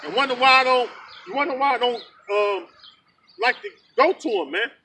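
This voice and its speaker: High-voiced fiery preacher outdoors. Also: male voice, expressive, a little fast, pushed and bright. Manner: fiery, profane, repeats "man". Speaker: street preacher. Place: outdoors in the rain. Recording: distant mic with outdoor noise.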